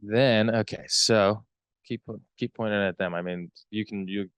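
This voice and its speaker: A young adult man co-hosting a podcast, chatting casually in a halting, rambling way. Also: fairly low pitch, fairly even intonation, clean tone, no room sound. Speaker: podcast co-host. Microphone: close podcast mic.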